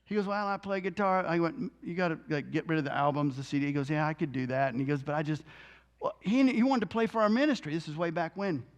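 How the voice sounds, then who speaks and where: Lively high-voiced man telling a testimony. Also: fast talker. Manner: animated, acts out the people in his story; joking asides. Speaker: minister. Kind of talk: testimony storytelling.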